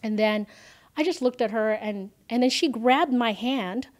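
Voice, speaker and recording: Woman, interview guest, emotional storytelling, animated, acts out dialogue. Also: on the high side, a little slow. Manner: animated, lots of fillers, acts out quoted lines.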